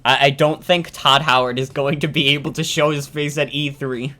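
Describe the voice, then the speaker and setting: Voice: medium pitch, fairly even intonation, normal speed, pushed and bright. A streamer chatting casually on a live reaction stream, ranting and swearing about games, often repeating themselves.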